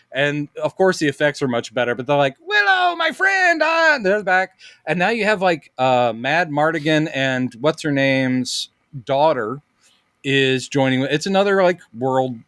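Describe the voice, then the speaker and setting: A man's voice: medium pitch, a bit bright, clear, resonant tone, dry recording, studio quality. A middle-aged man co-hosting a casual podcast, telling stories animatedly and acting out quotes in different voices. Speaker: podcast co-host. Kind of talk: casual chat.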